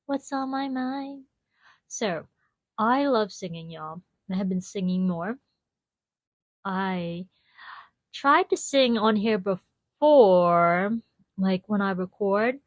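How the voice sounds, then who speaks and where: Slow-talking woman podcast host. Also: fairly low pitch, dry recording. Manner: chatty, laughs often, addresses listeners as y'all. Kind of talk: casual solo podcast chat. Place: at home. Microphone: small clip-on mic.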